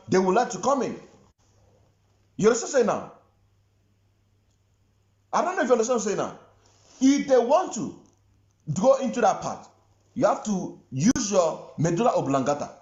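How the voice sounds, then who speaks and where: A man's voice: high voice, big pitch swings, normal speed, long pauses, a little mellow, roomy sound, highs cut off. A man with a Nigerian Igbo accent giving impassioned online commentary, stressing his points by repeating phrases. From southeastern Nigeria. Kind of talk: impassioned social media commentary.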